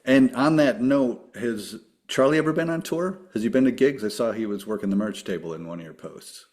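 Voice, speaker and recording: A man's voice: medium pitch, brisk, a little mellow. A man hosting a podcast, putting numbered questions to his guests and laughing often. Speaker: podcast host. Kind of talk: casual interview chat.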